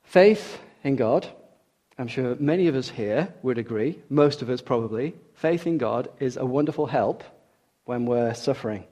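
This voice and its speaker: A man's voice: medium pitch, expressive, normal speed, warm tone. Earnest man preaching a sermon. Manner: earnest, emphatic, repeats key words for stress.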